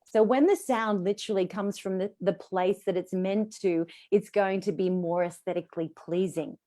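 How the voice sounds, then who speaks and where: A woman's voice: medium pitch, moderate pace. A middle-aged Australian woman, a voice coach, speaking expressively as a guest on a live video call. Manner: expressive, demonstrates voices while teaching.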